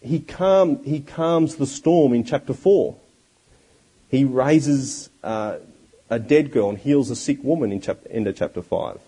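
A man preaching a sermon, expressive and full of rhetorical questions. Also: medium pitch, measured pace, husky, poor audio.

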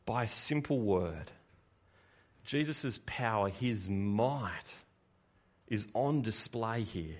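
Here a preacher with a medium-pitched voice delivers an animated, talky sermon. He alternates forceful, loud points with quieter side remarks.

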